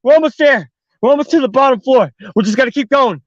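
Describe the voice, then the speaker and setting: Man playing a frantic young guy, yelling high and strained, lo-fi dry sound. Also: lively intonation, quick pace, no room sound. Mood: urgent. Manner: urgent, loud. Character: panicked young man shouting to run.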